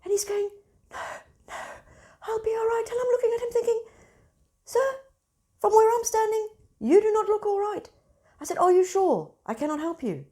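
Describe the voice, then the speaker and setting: A woman, hosting and telling everyday stories in a casual, expressive monologue. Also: extremely high pitch, moderate pace. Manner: animated, expressive storyteller. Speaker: spiritual centre host.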